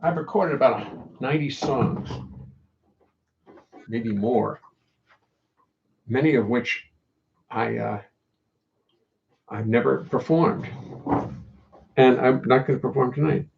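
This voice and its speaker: A man's voice: mid-range voice, takes it slowly, vocal fry, pauses often, darkish tone, dull audio, a little hiss or hum. An older man hosting a live stream from home, chatting in a wry, joking, meandering way. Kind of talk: casual rambling chat.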